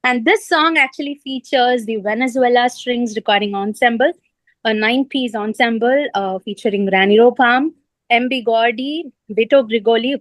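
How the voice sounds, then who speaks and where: A woman composer and singer on a video call, out of breath at a railway station, talking haltingly with many fillers and apologies. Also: on the high side, dry recording, low-quality recording. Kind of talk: video call panel talk.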